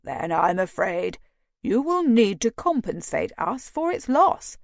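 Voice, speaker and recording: Woman doing cold calculating old gent, clipped and dismissive, slow, dry sound. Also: mid-range voice, sing-song, creaky, no room sound. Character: stern, cold older gentleman, calculating.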